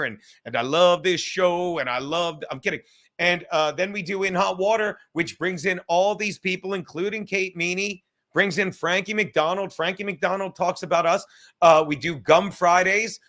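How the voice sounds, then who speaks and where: New man, high bright voice, profane rambling livestream host. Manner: rambling, excitable, swears a lot, laughs often. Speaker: podcast host. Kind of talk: casual profane livestream chat.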